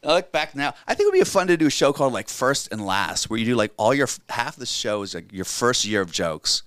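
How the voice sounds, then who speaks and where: A man's voice: mid-range voice, wildly swooping pitch, fast talker, a bit bright, no echo. Laughing, rambling middle-aged man. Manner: swears freely, rambling, laughs often. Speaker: stand-up comedian, podcast co-host. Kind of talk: casual chat.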